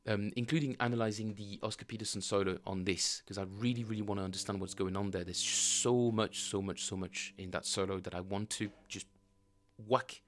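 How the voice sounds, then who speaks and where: Rambling man talking bass practice. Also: fairly even intonation, fairly quick. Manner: rambling, many fillers and self-corrections. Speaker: bass player streaming his practice. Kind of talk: casual livestream teaching chat.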